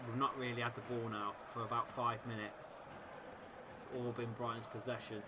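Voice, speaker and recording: A man hosting a live fan watchalong, commentating on the match and shouting encouragement at his team. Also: medium pitch, level tone, normal speed, background noise. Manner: chatty, reacting and laughing at misses. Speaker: football fan watchalong host.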